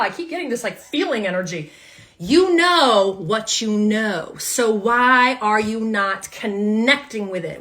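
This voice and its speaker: A woman with a slightly high, sharp-toned voice does a live tarot reading for her viewers. She's emphatic and fired up, repeating her phrases and swearing casually.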